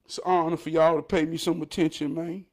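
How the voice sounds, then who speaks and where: A man giving an emotional motivational monologue, fervent and preachy, cursing and laughing, swinging between loud outbursts and hushed talk. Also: fairly high pitch, level tone, fast talker. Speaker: motivational speaker.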